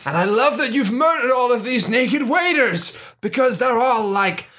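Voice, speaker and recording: A pompous, unhinged boss who blusters and shouts, as a man puts him on, in a bright, lively high voice. He swings around a lot as he talks. It sounds like a loose comedy sketch. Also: normal speed. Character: pompous, unhinged male boss, middle-aged.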